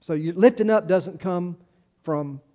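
This pastor has a high voice and a dark tone, and he preaches at a measured pace. His sermon is conversational, often trailing off and restarting before rising for emphasis.

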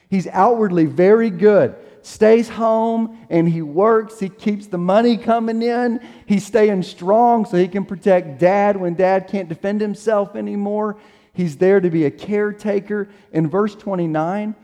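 A man's voice: high-pitched, a little slow, dark tone. A middle-aged man preaching a sermon in a conversational way, acting out the quotes he tells. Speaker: pastor. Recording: long reverb of a large hall.

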